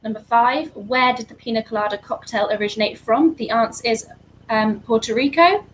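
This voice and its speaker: A woman co-hosting an online charity quiz, reading answers briskly and lightly. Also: a little high, a little hiss or hum, rough recording. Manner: brisk, light, laughs easily. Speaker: quiz co-host.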